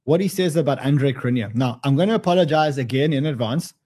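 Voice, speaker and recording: A man's voice: medium pitch, a little fast, dark tone. A man with an Australian accent hosting a casual livestream, joking and rambling with many restarts. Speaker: livestream host.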